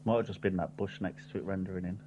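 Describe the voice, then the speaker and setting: A man's voice: low voice, level tone, fast, dark tone, muffled recording, a little hiss or hum. A man chatting casually and joking while playing a survival game with a friend. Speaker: gamer. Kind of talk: casual gaming chat.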